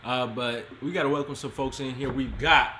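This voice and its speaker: A man's voice: mid-range voice, fairly even intonation, fairly quick, fairly bright tone. A man co-hosting a casual chat show, talking in loose restarts and laughing often. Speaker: co-host. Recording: roomy with clear background noise.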